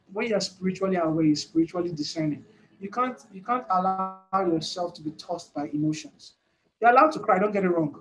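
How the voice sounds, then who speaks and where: A man with a fairly high voice for a man preaches a sermon in emphatic, repetitive phrasing. He often laughs between points and hammers each idea home by repeating it. The recording is rough.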